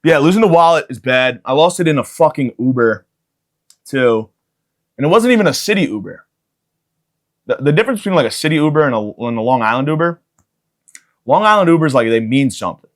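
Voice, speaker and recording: A man in his thirties hosting a comedy podcast, rambling through a profane solo monologue and jumping into loud excited bits. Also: mid-range voice, fairly quick, pauses often. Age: 30s. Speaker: podcast host.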